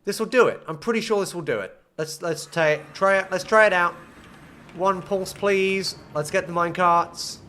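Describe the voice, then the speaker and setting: A man's voice: high voice, moderate pace, pushed and bright. A young man commenting casually on his own gameplay, muttering to himself and breaking into frustrated outbursts. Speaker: gaming streamer.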